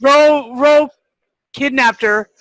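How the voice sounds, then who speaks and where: A woman speaks slowly as a podcast guest, emphatic and indignant. Her voice sits in a middle pitch, and the sound is dry and close. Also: a bit bright, no echo, rough recording. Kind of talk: casual podcast chat.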